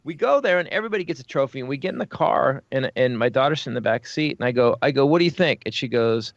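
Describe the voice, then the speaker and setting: Podcast dude, sweary animated storyteller, dry dull sound. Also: male voice, mid-range voice, quick pace, gravelly, no echo. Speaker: podcast host. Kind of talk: casual podcast chat.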